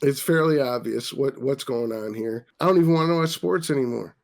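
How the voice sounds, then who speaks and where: A man's voice: medium pitch, fairly quick, creaky. A man hosting a casual podcast, ranting profanely about sports after a few drinks. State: tipsy. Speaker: podcast host.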